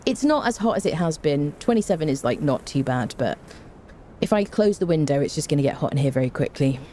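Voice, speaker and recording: Rambly woman streamer, warm mellow voice, a bit low, chatty and goofy, faint fan hum behind. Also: expressive, a little fast. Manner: chatty and rambling, with playful made-up words. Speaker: game streamer. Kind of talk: casual livestream chat. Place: home room with an open window. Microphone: desk microphone. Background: fan blowing.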